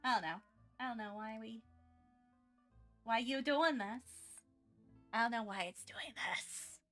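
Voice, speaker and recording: On a livestream, a woman who makes art chats casually with her viewers, excitable and rambling, frequently restarting her sentences. Her voice is a little high and her pace measured, with faint music in the background.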